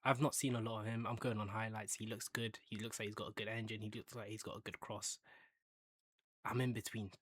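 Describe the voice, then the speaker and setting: Animated man talking football. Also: lowish voice, fairly quick, slightly rough, no room sound. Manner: animated, banter-heavy, bursts of hype. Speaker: football fan channel host. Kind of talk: casual football chat.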